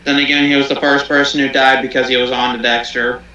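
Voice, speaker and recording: Male co-host, animated storyteller, bright tone, roomy sound. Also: mid-range voice, quick pace, recorded from a distance, lo-fi sound. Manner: animated, profane, acts out quotes. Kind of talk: casual chat, storytelling. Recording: echoey room, faint music behind.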